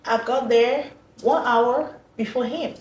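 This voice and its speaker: A woman telling a personal story as an interview guest, animated and acting out the voices she quotes. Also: on the high side, slow. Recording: echoey room, far from mic.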